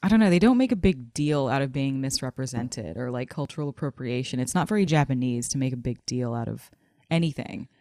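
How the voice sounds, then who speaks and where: Low-voiced woman chatting casually. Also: animated, brisk, warm tone, no room sound, studio quality. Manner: chatty, casual, many fillers like "like". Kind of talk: casual discussion.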